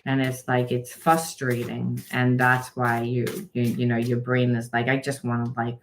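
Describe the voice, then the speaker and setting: A woman's voice: extremely low pitch, monotone, unhurried, a little hiss or hum, rough recording. A middle-aged woman giving a casual spoken tarot reading, frank and rambling, with lots of fillers and the odd curse word. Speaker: tarot reader and trauma coach.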